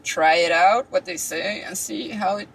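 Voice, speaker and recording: A woman's voice: lowish voice, normal speed, gravelly, a little hiss or hum, poor audio. A woman from Brussels, a guest talking casually and hesitantly, with many fillers. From Brussels, Belgium. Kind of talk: casual conversation.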